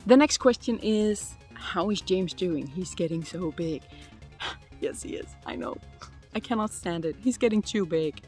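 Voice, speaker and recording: A woman's voice: on the low side, expressive, unhurried, a little mellow, soft background music. Giggly chatty woman in her twenties. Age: 20s. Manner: chatty and giggly, full of "like" fillers. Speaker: vlogger answering viewer questions. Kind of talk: casual chat. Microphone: phone.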